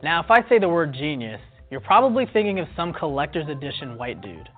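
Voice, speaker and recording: A man's voice: on the high side, big pitch swings, fairly quick, slightly rough. A man narrating a scripted documentary segment in a wry, playful way. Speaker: video narrator. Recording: tinny lo-fi clip with faint music.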